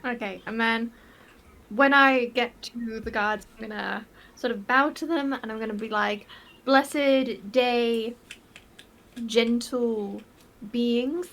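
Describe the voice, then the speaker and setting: A woman's voice: on the high side, normal speed, pushed and bright. A woman playing a tabletop game, chattily describing what her character does. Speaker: player.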